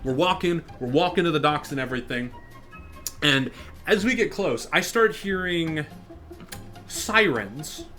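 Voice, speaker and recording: A young man casually telling a funny personal story, acting out the people in it with a louder raised voice, over faint background music. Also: fairly high pitch, unhurried, pauses often. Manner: animated, acts out quotes in louder raised voice. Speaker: storyteller and channel host. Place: online virtual social space.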